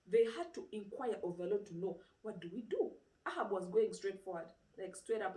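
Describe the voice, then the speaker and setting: A woman preaches an informal sermon, retelling a story in a lively way with rhetorical questions and plenty of "you know" fillers. Her mid-range voice moves a little fast with hardly any pauses, and the distant mic gives a roomy sound.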